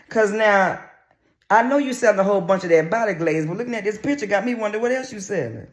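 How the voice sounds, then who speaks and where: A man giving sassy, brash, crude gossip commentary on a reality show in a casual vlog. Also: high-pitched.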